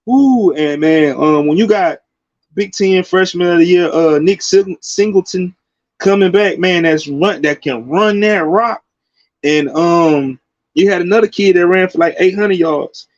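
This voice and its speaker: A fired-up man in his forties talking college football, his voice riding high. The sound is dry and a bit dull, with no room around it. He talks in slang and keeps jumping into loud outbursts. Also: moderate pace, dry recording. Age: 40s. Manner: animated, slangy, loud bursts and laughing asides. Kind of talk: casual sports commentary.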